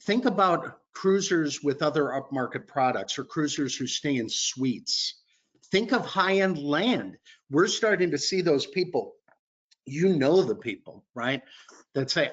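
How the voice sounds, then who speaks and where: A man's voice: lively intonation, normal speed, a bit bright, lo-fi sound. A man training travel advisors in an upbeat, conversational way, stressing points with lifts in his voice. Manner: upbeat, conversational, emphatic pitch. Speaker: cruise line sales trainer.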